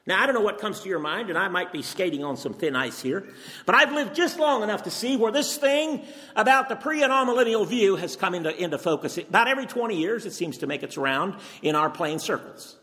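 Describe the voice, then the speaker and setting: A man's voice: high voice, expressive, fairly quick, pushed and bright. An older man preaching a sermon, earnest and emphatic, firing off rhetorical questions. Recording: long reverb from a hall.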